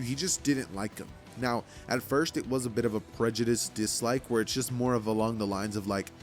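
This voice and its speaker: A man casually narrating a fan-made story, rambling along and leaning on "like" and "you know". His voice sits in an ordinary middle range. Faint music plays underneath. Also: medium pitch.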